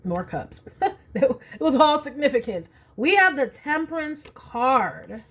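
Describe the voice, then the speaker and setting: A woman's voice: high voice, very animated, slow pace, a bit bright. A woman reading tarot cards at home in a casual, chatty way, thinking aloud as she draws each card. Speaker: tarot reader.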